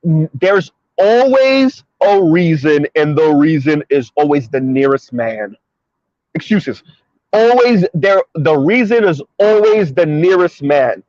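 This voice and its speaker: A man's voice: on the high side, sing-song, slow pace, a little mellow, dry recording. A man giving opinionated commentary in an emphatic, sarcastic way, repeating his points, talking from his car. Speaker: commentary vlogger. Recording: dull lo-fi recording.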